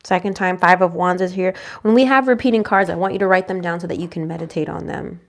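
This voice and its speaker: Talking fast with vocal fry, this young woman has a lowish, steady voice as she reads tarot. She keeps things chatty and reassuring, quietly asking the cards her questions out loud.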